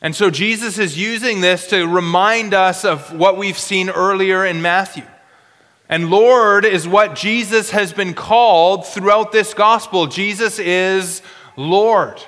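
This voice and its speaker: A man preaching an expository sermon in an earnest way, slowing down for emphasis and often repeating words. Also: sits high, a bit bright, in a large hall.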